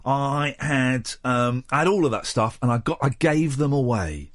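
A man's voice: medium pitch, animated, moderate pace. A man hosting a late-night radio chat show, chatty and jokey. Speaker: radio host.

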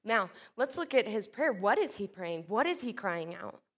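A woman preaching a sermon, expressive, swinging from loud emphatic lines to soft hushed ones and acting out quoted speech. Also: medium pitch, moderate pace. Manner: acts out quoted speech with sudden bursts.

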